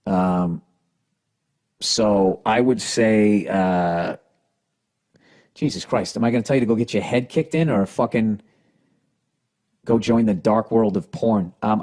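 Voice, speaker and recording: A man's voice: medium pitch, a little mellow. A man with a Boston accent hosting a podcast, giving blunt, sarcastic, profane advice as he reads listener letters, with the hiccups. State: has the hiccups. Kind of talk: casual podcast advice rant.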